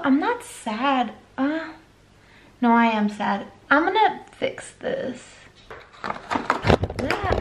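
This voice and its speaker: A woman's voice: a little high, pushed and bright, a little hiss or hum. A young woman chatting casually at home through a makeup tutorial, rambling and now and then baby-talking to her dog. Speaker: makeup vlogger.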